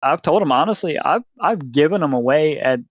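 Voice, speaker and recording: A man's voice: a little high, expressive, brisk, no echo, lo-fi sound. A man telling a rambling story as a podcast guest, swearing freely and acting out the people he quotes. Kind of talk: casual storytelling.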